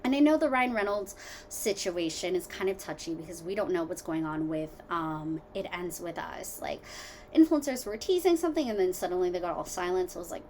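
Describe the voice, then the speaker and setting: A woman hosting her own podcast from home, rambling casually through tangents with lots of fillers, jumping between loud exclamations and quiet muttered asides. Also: fairly low pitch, lively intonation, fairly quick, a little hiss or hum. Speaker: podcast host. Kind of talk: casual solo podcast chat.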